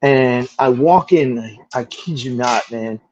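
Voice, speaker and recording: Lively man telling stories, dull audio. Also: mid-range voice, unhurried, a little hiss or hum. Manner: lively, swears casually, many "like" fillers. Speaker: interview guest. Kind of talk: casual storytelling in an interview.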